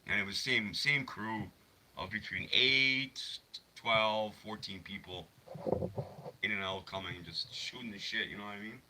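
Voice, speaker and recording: A man's voice: lowish voice, fairly even intonation, a little slow, heavy background noise. A man hosting a casual livestream from his phone, rambling, swearing freely, and answering chat messages. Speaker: livestream host.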